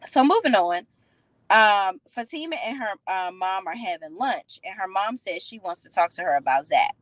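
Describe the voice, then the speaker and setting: A woman giving a casual recap of a TV episode, sassy and opinionated, retelling scenes with animated commentary. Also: medium pitch, moderate pace, no echo, poor audio. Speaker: TV show recap reviewer.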